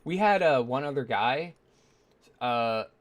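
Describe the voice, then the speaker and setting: A man's voice: medium pitch, lively intonation, slow. A man hosting a gaming video, telling a story in a casual, rambling way, with many fillers and self-mocking asides. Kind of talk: casual storytelling while playing.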